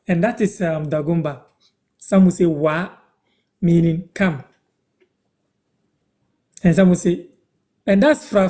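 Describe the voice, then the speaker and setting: A Ghanaian man with a fairly high yet dark, mellow voice runs a relaxed live-stream language lesson. He repeats each word and phrase slowly so learners can catch it.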